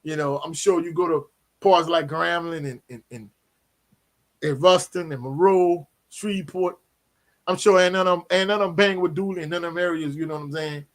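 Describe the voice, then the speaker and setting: A man, hosting a casual live sports Q&A, animated and slangy, often tagging on "you know what I'm saying". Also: on the high side, a little fast. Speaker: sports talk host.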